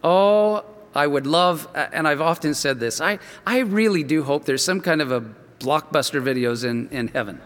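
A man's voice: on the high side, normal speed, hardly any pauses, a bit bright, long reverb tail. A man preaching a sermon as a story, earnest and emphatic, often restarting his phrases.

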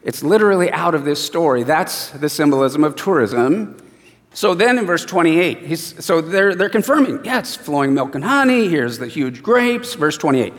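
A man preaching a sermon and reading scripture, an animated storyteller who acts out the voices. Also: fairly high pitch, normal speed, long reverb tail.

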